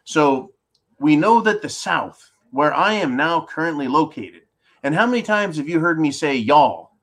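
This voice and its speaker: A man's voice: a little high, lively intonation, measured pace, a bit bright. Blunt, scornful male political host. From California. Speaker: host of a political call-in show. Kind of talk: ranting political commentary, reading viewer questions.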